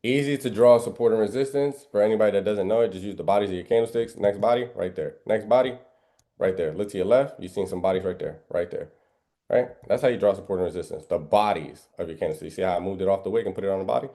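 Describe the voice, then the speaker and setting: With a lowish, warm voice, this man talks fast as he leads a live trading lesson via screen share. His style is preachy and emphatic, peppered with biblical references, rhetorical questions, and a habitual "right?"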